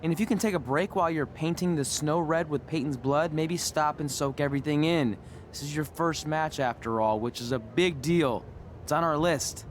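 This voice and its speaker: A man's voice: a little high, moderate pace, slight background noise, natural voice. An actor voicing a laid-back, wisecracking young male wrestling trainee in a game cutscene. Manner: wry, joking. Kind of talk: video game cutscene acting.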